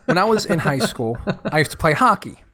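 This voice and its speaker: A man spinning a funny story in relaxed chat, with a fairly high, lively voice. He talks casually and jumps up in pitch whenever he quotes someone. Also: a little fast.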